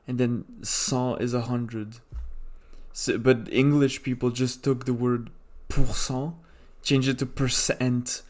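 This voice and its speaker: Flat-voiced man chatting casually. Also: medium pitch, takes it slowly. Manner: flat, explaining, casual swearing. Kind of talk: casual chat.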